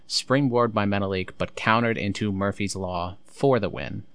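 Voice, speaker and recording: A man's voice: fairly low pitch, moderate pace, fairly bright tone, smooth, no room sound. A man recapping a wrestling show in casual commentary, blunt, sarcastic and swearing freely.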